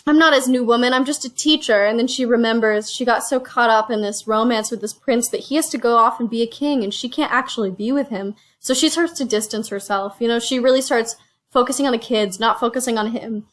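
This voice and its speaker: A reviewer and show host chats casually while retelling a movie plot. She is animated and slips into quoted voices, speaking a little fast in a bright, higher voice. She is recorded on a phone used as a camera.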